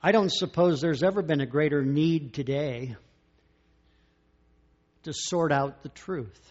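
Slow, dramatic preacher man. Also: on the high side, lo-fi sound. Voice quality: slow, dramatic delivery with big swings in loudness and long pauses. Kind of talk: sermon.

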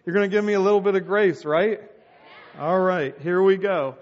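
A man's voice: sits high, normal speed, big-room sound, highs cut off. A middle-aged man preaching a sermon as a pastor and telling stories with acted-out voices.

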